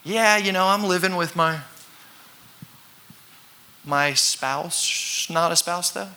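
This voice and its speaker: A man preaching a sermon to a congregation, talking conversationally, acting out voices and sometimes shouting for effect. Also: high voice, slow. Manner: conversational with congregation call-and-response. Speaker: pastor.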